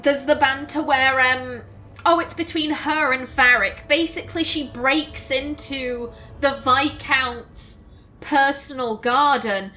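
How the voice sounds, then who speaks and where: A woman talks through a video game session in a high, bright voice. She takes her time with each thought, breaking into little acted-out lines of dialogue. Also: slow pace. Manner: animated, acts out characters' lines. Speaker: let's play host. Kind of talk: casual commentary over gameplay.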